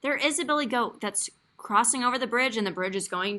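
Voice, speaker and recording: Bright-voiced woman teaching online. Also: fairly high pitch, a little fast. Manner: warm, encouraging, expressive storytelling voice. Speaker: kindergarten teacher. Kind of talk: online class lesson. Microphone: video call.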